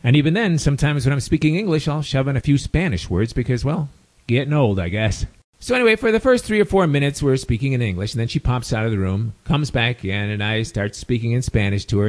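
An older American man with a Chicago accent, an expat storyteller, tells a casual story packed with wry, chatty asides. His voice is medium in pitch and a little mellow.

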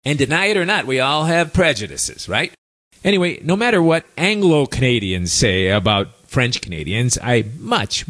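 A man's voice: mid-range voice, a bit bright. A middle-aged man hosting a talk show in a chatty, wry, monologue style. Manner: wry, chatty, reads listener emails aloud. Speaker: radio show host. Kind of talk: casual talk radio monologue.

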